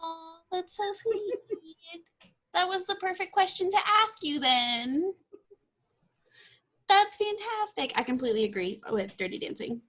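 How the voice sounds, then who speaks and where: Podcast host, female, twenties, from Texas; bright and giggly, self-deprecating, casual. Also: very high voice, animated, a little slow. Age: 20s. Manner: bubbly, laughs often, self-deprecating. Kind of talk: casual interview chat.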